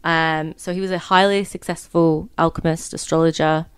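A woman's voice: low voice, fairly even intonation, moderate pace, clear, resonant tone, no echo. A young woman in her twenties co-hosting a casual podcast, telling a story in a chatty way with lots of fillers. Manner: chatty, many fillers, laughs easily. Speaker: podcast co-host.

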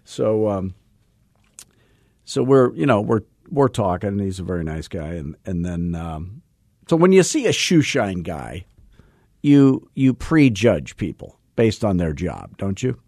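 A man's voice: fairly low pitch, very animated, unhurried, a little mellow, no room sound, clean studio sound. A man in his sixties hosting a radio talk show, telling a long casual anecdote and acting out the other speaker's lines, with lots of fillers and restarts. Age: 60s. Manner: rambling anecdotes with acted-out dialogue and many restarts. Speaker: real estate sales coach, show host.

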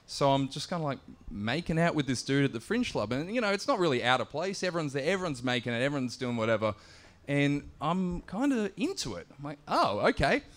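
Young Aussie comedian, slightly high voice, big swooping delivery, sweary storyteller. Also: male voice, fast talker. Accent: Australian. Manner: animated, sweary, laughing through the telling. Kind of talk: live stand-up storytelling.

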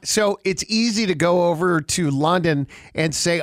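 A man's voice: sits high, moderate pace, hardly any pauses, dry recording, studio quality. A man hosting a radio show, leading casual banter and reading out poll results with emphasis. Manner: leads the segment, reads out poll results with emphasis.

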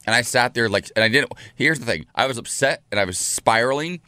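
A man in his thirties co-hosting a casual chat show, telling stories with lively acted-out quotes. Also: mid-range voice, fairly quick, no echo. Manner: animated storytelling, acts out quotes. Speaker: co-host.

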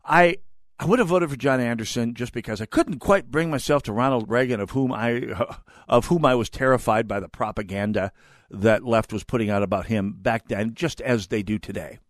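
A man's voice: medium pitch, moderate pace, dry recording, studio quality. A man in his fifties hosting a talk radio show, delivering an opinionated monologue that rambles off on tangents and restarts his words. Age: 50s.

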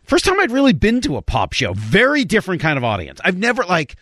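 A man's voice: sits high, fast, no echo, studio quality. A middle-aged man co-hosting a sports talk show, chatting casually and reading an ad with playful emphasis. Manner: lively, reads menu items with playful emphasis. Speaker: sports radio co-host. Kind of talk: casual chat and read ad.

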